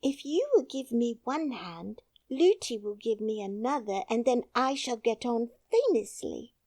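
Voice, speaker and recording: A woman's voice: a little high, animated, a little slow, mellow, no room sound, studio quality, pitched above the performer's own voice. A woman voicing a frightened little princess girl who speaks timidly and pleadingly.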